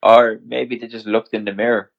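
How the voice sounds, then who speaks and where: A man's voice: on the low side, moderate pace, gravelly, lo-fi sound. A man co-hosting a casual podcast chat, laughing often as he relays news stories. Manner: laughs often, relaxed telling of news items. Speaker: podcast co-host.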